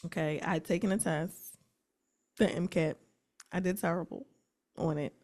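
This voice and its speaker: A woman's voice: fairly low pitch, moderate pace, darkish tone. A woman in her twenties co-hosting a podcast, telling a story in a wry, mock-offended way. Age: 20s. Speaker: podcast co-host. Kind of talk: casual chat.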